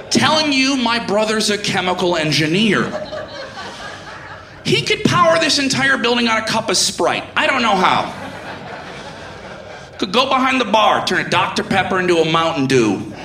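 A man doing a stand-up comedy set who teases the audience and apologizes in quick bursts. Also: high voice, echoey room, background noise. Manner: teasing the crowd, quick apologies.

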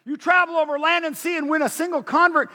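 Man playing an enraged Jesus figure, high strained shouting, slow heavy delivery, long hall reverb. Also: fairly even intonation. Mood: angry rebuke. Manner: shouting, fierce, slow and forceful. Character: angry male Jesus rebuking hypocrites.

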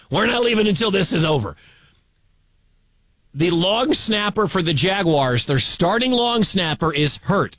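Male radio play-by-play caller, bright high voice, excitable. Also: husky, no room sound. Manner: excitable, building to shouts at big plays. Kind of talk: live football radio commentary.

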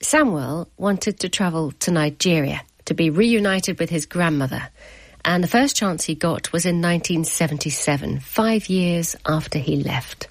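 A woman presenting a radio documentary, narrating from a script and asking questions in a measured way. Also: on the low side, expressive, no room sound.

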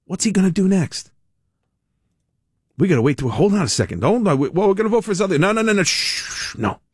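A man's voice: high-pitched, animated, brisk, husky, no room sound, clean studio sound. A man hosting a talk radio show, riffing in a rambling, sardonic way and laughing at his own jokes. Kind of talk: casual radio monologue.

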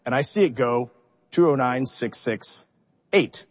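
Middle-aged male commander, animated storyteller, long hall reverb, dull lo-fi sound. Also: medium pitch, a little slow, a little hiss or hum. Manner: animated, self-deprecating, builds suspense. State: emotional, holding back tears. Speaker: mission commander. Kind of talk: press conference storytelling.

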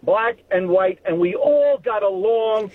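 A man calling in to a radio show, earnest and halting, often repeating himself. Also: high-pitched, expressive, husky. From New York. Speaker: caller. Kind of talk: phone-in call. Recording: tinny phone line.

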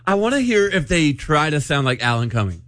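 A man's voice: fairly high pitch, fairly quick. A man hosting a morning radio show, leading segments and joking with his co-hosts. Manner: lively, leads the segments. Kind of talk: casual radio banter. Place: radio studio.

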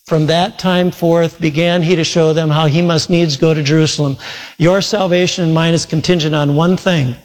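A man's voice: a little high, fairly even intonation, moderate pace. A man preaching a sermon, telling a long story earnestly and acting out the quoted voices. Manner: earnest storytelling with quoted retellings and sudden loud shouts. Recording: long hall reverb.

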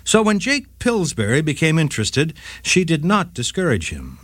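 A man's voice: a little high, moderate pace, no room sound. A man hosting a short legal radio segment, reading a scripted case story with dramatic flair. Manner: dramatic, lively storytelling read.

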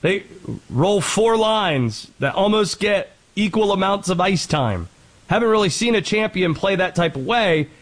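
A man hosting a sports show, delivering a lively commentary monologue and quickly rattling off statistics. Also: high-pitched, low-quality recording. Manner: animated, quick rattling off of stats.

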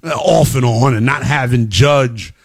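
A man hosting a sports talk radio show, delivering an emphatic monologue that rises to shouting at its peaks. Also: mid-range voice, unhurried, vocal fry, slightly rough.

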